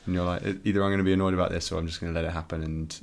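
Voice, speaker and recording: A man's voice: deep voice, level tone, racing. A man chatting casually as a podcast guest, musing thoughtfully and chuckling easily. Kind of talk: casual chat.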